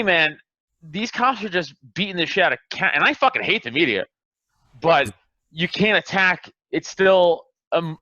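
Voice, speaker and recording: A man's voice: on the high side, pushed and bright, no echo, muffled recording. Heated, swearing man ranting on a podcast. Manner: heated, profane, emphatic ranting. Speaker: podcast host. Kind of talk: casual podcast chat.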